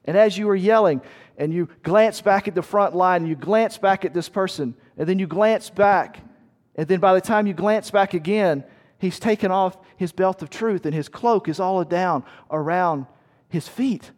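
Preaching at normal speed in a high voice, a man illustrates his sermon by placing listeners in a vivid battle scene, addressing them as "you" and shouting the commands he quotes.

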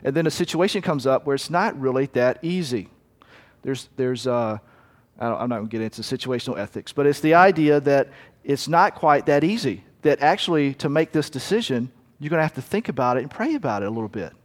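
A man's voice: mid-range voice, expressive, a little fast. A man preaching a sermon in a conversational way, now and then acting out muttering and everyday asides. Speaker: pastor. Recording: long reverb from a hall.

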